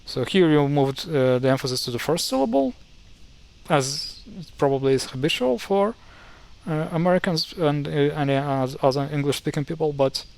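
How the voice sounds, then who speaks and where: Wry man explaining pronunciation, slightly high voice. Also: darkish tone. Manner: wry, mildly exasperated, many fillers and restarts. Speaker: language explainer. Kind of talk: casual screen-share tutorial.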